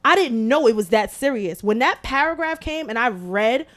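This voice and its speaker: A woman hosting a podcast, telling a story in casual, animated chat full of swearing. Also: a little high, moderate pace. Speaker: podcast host.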